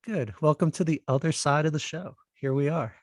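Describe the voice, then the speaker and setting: A man's voice: on the high side, fairly quick, dry recording, clean studio sound. A man co-hosting a podcast in casual, upbeat chat, with a self-joking manner. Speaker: podcast co-host.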